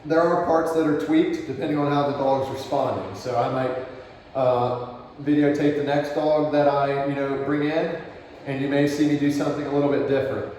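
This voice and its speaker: A relaxed man explains dog training as he works, often softening into quiet praise. He sounds set back from the microphone, with a lot of roomy echo and a faint ambient hum behind him. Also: mid-range voice, moderate pace. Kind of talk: explaining while demonstrating. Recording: distant, roomy outdoor camera audio.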